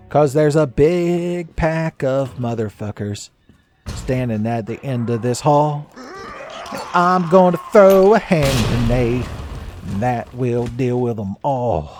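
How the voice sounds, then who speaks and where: A man giving casual, joking commentary while playing a game, his voice a little raspy today and often breaking into laughs at his own asides. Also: mid-range voice, slow pace, a little mellow, faint music behind. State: slightly raspy voice. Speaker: gaming commentator. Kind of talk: casual let's-play commentary.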